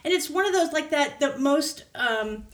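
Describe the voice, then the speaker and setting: A woman's voice: high voice, normal speed, distant mic. A woman guest telling a story casually and animatedly, acting out the quotes. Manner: animated, acts out quotes loudly. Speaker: podcast guest. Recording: roomy echo.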